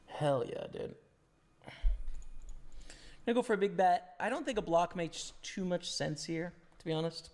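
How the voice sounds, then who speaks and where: A man's voice: high voice, animated, measured pace, long pauses, a little mellow. A young man chatting casually with his stream chat and thinking aloud about poker hands, his voice worn from talking. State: losing his voice. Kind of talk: live-stream commentary.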